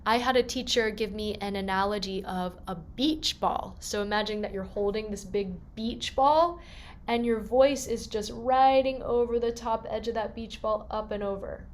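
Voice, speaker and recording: Gentle woman voice teacher guiding warm-ups. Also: medium pitch, moderate pace, slight background noise. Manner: gentle, encouraging, demonstrates sounds. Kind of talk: guided vocal warm-up lesson.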